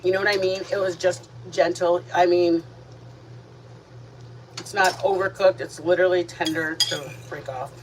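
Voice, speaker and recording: A woman's voice: on the low side, steady tone, moderate pace. Chatty older woman talking to viewers. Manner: chatty, playful, addresses viewers as guys. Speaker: host of a cooking and eating livestream. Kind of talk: casual chat to viewers while eating. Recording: distant mic with background noise.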